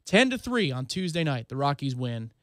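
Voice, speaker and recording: A man's voice: medium pitch, big pitch swings, normal speed, fairly bright tone, no echo, studio quality. A man from Florida co-hosting sports talk radio, chatting casually and wryly about baseball. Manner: wry, puts on fan voices.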